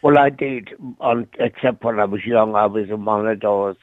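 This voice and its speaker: An older Irish man calling in to a radio show, with a squeaky, breathy voice from asthma and a chatty, reminiscing way of talking. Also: moderate pace, no room sound. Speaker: caller. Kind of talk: phone-in chat. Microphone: phone. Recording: tinny phone line.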